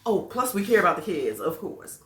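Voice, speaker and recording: A woman's voice: on the low side, sing-song, fairly quick. A woman who works as a teacher, telling a story to her viewers in a casual, playful way, laughing as she goes. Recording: echoey room.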